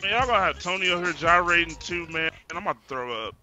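A man joking around in a role-play session, firing off mocking, slangy trash talk. His voice is sharp and piercingly bright, pitched somewhat high. Faint music sits behind him. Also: expressive, rapid-fire, highs cut off. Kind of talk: in-character role-play banter.

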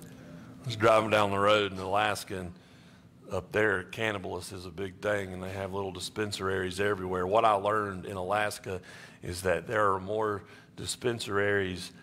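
Pastor giving an animated sermon, bright, forceful male voice. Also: unhurried, a little hiss or hum. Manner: animated, jumps high in pitch for emphasis.

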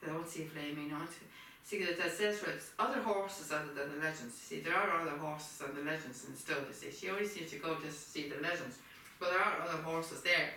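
A woman's voice: sits low, fairly quick, hardly any pauses, bright, forceful tone, a little hiss or hum. A woman rambling and repeating herself in a casual home video, with a frog in her throat. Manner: repetitive, circling back over the same points. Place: home kitchen. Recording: echoey kitchen, distant mic.

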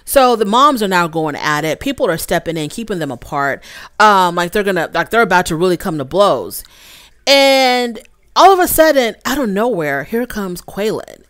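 A woman's voice: medium pitch, very animated, moderate pace, a bit bright, dry recording, studio quality. A woman hosting a casual recap of a reality show, chatting straight to her viewers and acting out what the cast said. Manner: chatty, addresses viewers as y'all, acts out quotes.

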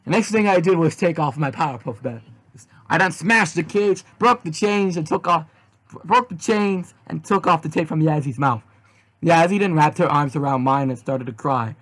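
A man reading a fan story aloud, animated in his delivery. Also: fairly high pitch, normal speed. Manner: animated, with shouted outbursts. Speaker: reader.

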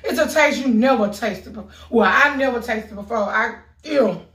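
A woman vlogger in a casual video who talks in pain from a burning mouth, with loud exclamations and heavy cursing. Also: a little high, normal speed. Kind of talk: casual vlog talk. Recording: echoey room, mic at a distance.

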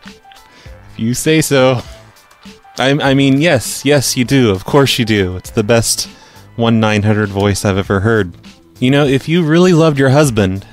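A man hosting a prank call podcast, talking casually with dry, sarcastic teasing. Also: on the low side.

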